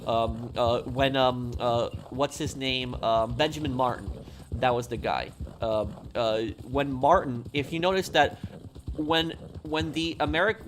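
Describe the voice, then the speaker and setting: Male streamer, middle-pitched, loose rambling delivery full of fillers over steady noise. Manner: rambling, many fillers and restarts. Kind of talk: casual live-stream talk.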